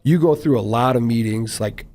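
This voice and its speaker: A man, a former professional football player, chatting casually as a guest in an interview, talking quickly with many fillers. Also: medium pitch, dark tone. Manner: quick, rambling, frequent fillers.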